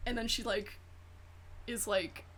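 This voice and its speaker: A woman's voice: fairly high pitch, steady tone, slow pace, fairly bright tone. A woman streamer chatting casually while gaming, rambling through profane gossip and acting out quotes. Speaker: VTuber streamer.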